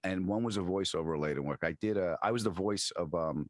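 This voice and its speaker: A middle-aged man with a New York accent tells animated stories, often restarting mid-sentence. His voice sits very low, and the sound is dry and close to the mic. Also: fairly quick, no room sound. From Long Island, New York. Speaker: guest comedian and actor. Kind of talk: casual storytelling interview.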